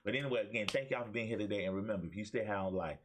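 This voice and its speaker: A man's voice: fairly low pitch, rapid-fire, heavy background noise. A man with an Alabama accent hosting a talk show and preaching motivational messages straight into his webcam, with call-and-response phrases to his viewers. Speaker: talk show host and pastor.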